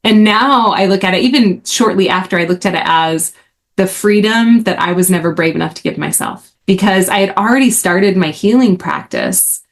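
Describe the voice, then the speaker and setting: A woman hosting a podcast, telling a candid personal story in a chatty way, with lots of "like" and her voice rising when she gets excited. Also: moderate pace. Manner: chatty, frequent "like", rises in pitch when excited. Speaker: podcast host.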